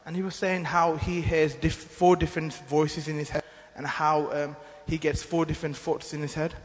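A man's voice: a little high, flat delivery, moderate pace. A man giving an earnest, rambling church testimony, often restarting his sentences. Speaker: mission team member giving testimony. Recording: long hall reverb.

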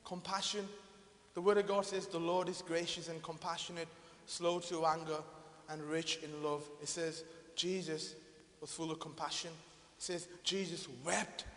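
A man preaching a sermon, swinging from loud proclaiming to hushed, quiet lines. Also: extremely high pitch. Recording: echoey hall.

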